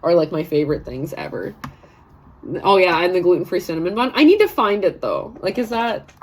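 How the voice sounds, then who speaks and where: Speaking in a lowish, animated voice at a fairly quick clip, a woman in her thirties runs a live session. She rambles casually, laughs a lot, and reads out comments from viewers.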